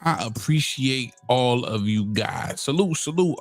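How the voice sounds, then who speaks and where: A man hosting a live boxing talk stream, chatting loosely with many fillers, shout-outs and a Black way of speaking. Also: mid-range voice, expressive, unhurried, hardly any pauses, faint music behind. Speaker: boxing channel host. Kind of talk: casual live-stream commentary.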